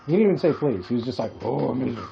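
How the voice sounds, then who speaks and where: A man's voice: medium pitch, big pitch swings, very fast, slight background noise. A man from Hawaii co-hosting a podcast, telling rambling comic stories in casual chat and laughing at his own jokes. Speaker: podcast co-host. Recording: dull lo-fi podcast audio with faint music.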